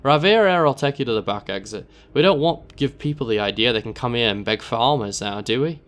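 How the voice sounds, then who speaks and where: A man voicing a shifty, wary scrap merchant who talks in a rough drawl, calling people "mate.". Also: fairly low pitch, flat delivery, brisk. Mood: gruff. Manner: rough-edged drawl, says "mate" and "aye".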